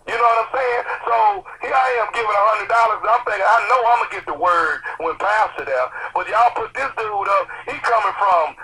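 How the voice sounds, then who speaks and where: A man's voice: high-pitched, sharp tone. A man, playing an indignant churchgoer in a prank phone call who stammers and repeats himself. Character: indignant churchgoer man demanding his offering back. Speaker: radio prank caller. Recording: noisy phone line.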